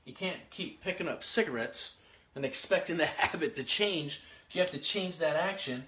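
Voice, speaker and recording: Bright-voiced, upbeat male motivational speaker. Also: a little high, normal speed. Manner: energetic, repeats himself, asks the listener questions; works through an outline, writing as he talks. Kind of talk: casual motivational talk.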